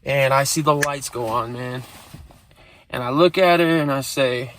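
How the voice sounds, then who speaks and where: A man's voice: mid-range voice, measured pace, fairly bright tone. A man casually telling a rambling street story, streetwise and full of profanity.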